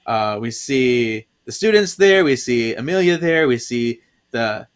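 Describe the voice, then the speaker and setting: Podcast host dude recapping comics, laughs a lot, does the voices. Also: male voice, medium pitch, lively intonation, unhurried, smooth. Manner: laughs often, acts out quoted lines. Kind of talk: casual recap chat.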